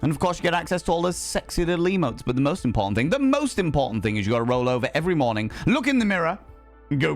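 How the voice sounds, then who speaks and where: A man with a flamboyant, grandiose way of talking hosts a live chat stream. His pitch swoops widely and his voice has a gravelly edge, with faint music playing behind him. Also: big pitch swings, very fast. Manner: theatrical, camp, grandiose flourishes. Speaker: streamer and cabaret host.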